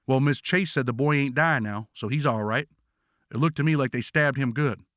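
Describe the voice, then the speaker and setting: A man voicing an older male prison cellmate with a slow, folksy Southern US drawl, gruff and blunt, as an audiobook narration. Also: mid-range voice, a bit bright, no room sound, studio quality, pitched above the performer's own voice, natural voice.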